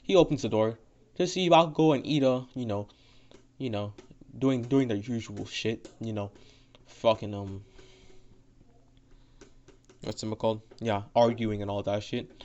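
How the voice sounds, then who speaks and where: A man's voice: on the low side, unhurried, long pauses, darkish tone. A man casually retelling a fan story in a rambling, profane way, full of fillers and restarts. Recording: dull lo-fi audio.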